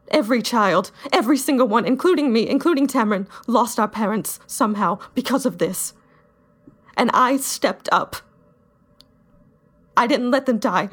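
A woman with a fairly high voice, voicing her character in a tabletop game. She moves between describing her character's actions and speaking as the character. Her in-character speech is intense and confrontational. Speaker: player. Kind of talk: in-character tabletop role-play.

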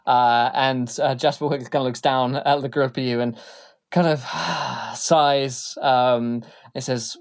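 A man's voice: mid-range voice, steady tone, slow pace, vocal fry, clean tone. Man rambling as game master. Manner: rambling narration, many fillers. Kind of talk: narrating a tabletop game.

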